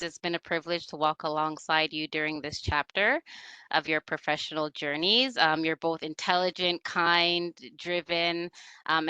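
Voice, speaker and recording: A woman mentor giving a tender, emotional farewell speech on a video call, warmly encouraging her mentees. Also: low-pitched, clear, resonant tone, no echo, rough recording.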